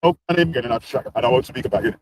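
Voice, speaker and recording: A man's voice: medium pitch, racing, crowd noise, rough recording. A man hosting a casual talk stream, mocking and swearing, often laughing. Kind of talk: heated casual commentary.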